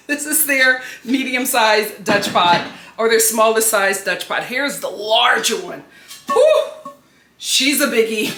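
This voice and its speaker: A woman from Philadelphia chatting to the camera in her home kitchen, excitable and chatty, laughing often. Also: a little high. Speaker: home lifestyle vlogger. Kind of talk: casual chat to camera. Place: home kitchen under studio lights. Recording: echoey room.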